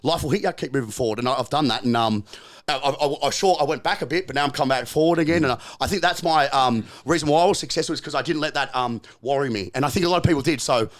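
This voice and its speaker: A man's voice: fairly high pitch, fast talker. A man on a podcast, ranting brashly and profanely in a motivational tone. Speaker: podcast guest. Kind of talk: casual podcast chat.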